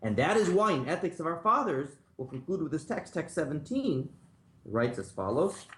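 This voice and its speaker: A man with a fairly high voice teaches a Torah class in a conversational, storytelling way. His pitch swings lively up and down, and the roomy space around him echoes. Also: moderate pace, a little hiss or hum. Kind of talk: informal Torah class lecture. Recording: roomy echo.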